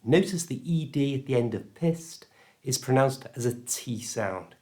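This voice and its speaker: Slow, careful British English teacher. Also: male voice, mid-range voice, lively intonation, darkish tone. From United Kingdom. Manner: careful, clear pronunciation coaching. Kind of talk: scripted language lesson.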